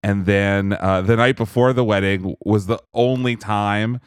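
A low-voiced young man chats on a podcast, telling a story in an animated and self-amused way. His voice is smooth and clear. It is recorded close and dry, with no room sound. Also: measured pace, no room sound. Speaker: podcast co-host. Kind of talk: casual chat.

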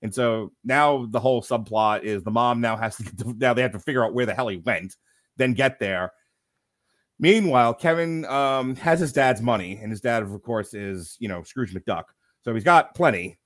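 A man's voice: medium pitch, normal speed, a bit bright, no room sound. Man, podcast co-host, casual movie review, sardonic, profane, dry close sound.

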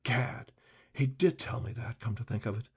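A man voicing a harassed, despairing male author who speaks in a low tone. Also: normal speed, slightly rough. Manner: low, hopeless tone.

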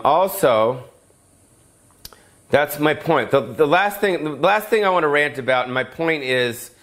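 A man's voice: medium pitch, fairly bright tone. A man doing a comedic, profane rant straight to his viewers, rambling from point to point with jokey asides. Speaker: comedian hosting a weekly rant show.

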